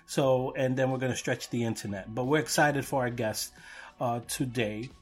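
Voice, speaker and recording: Rambling Brooklyn podcast host. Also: male voice, medium pitch, fairly even intonation, moderate pace, husky, soft background music. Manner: rambling, friendly, self-deprecating. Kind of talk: casual interview chat.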